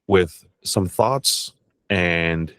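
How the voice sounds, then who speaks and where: A man's voice: low-pitched, drawn-out words, fairly bright tone, clear, resonant tone, no echo. A man teaching an online class on crypto and banking, talking casually and bluntly, swearing now and then and briefly acting out bank staff. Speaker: crypto tax educator. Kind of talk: casual masterclass talk.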